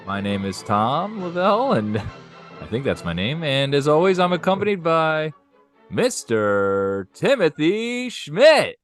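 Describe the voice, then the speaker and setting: A man's voice: a little high, big pitch swings, moderate pace, a bit bright, soft background music. Easygoing young man hosting a podcast. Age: young adult. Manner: easygoing, laughs often, restarts sentences. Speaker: podcast co-host. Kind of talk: casual podcast chat.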